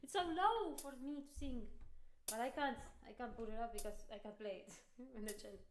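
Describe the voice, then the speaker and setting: A woman's voice: fairly high pitch, a little fast, a little hiss or hum. Chatty woman streamer in a roomy space. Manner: rambling, joking rants with laughs. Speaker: livestreaming musician. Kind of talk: casual livestream chat between practice. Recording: roomy echo.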